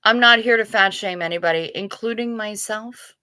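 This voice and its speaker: A woman's voice: mid-range voice, moderate pace, sharp tone, clear, resonant tone, no echo. A middle-aged woman hosting a casual livestream, chatting with viewers in a wry, self-deprecating way. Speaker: livestream host. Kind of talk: casual livestream chat reading chat.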